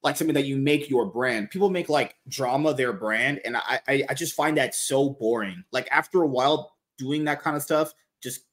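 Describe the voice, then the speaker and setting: A man's voice: mid-range voice, moderate pace, few pauses, fairly bright tone. A man hosting a podcast in casual chat, rambling and swearing freely. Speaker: podcast host.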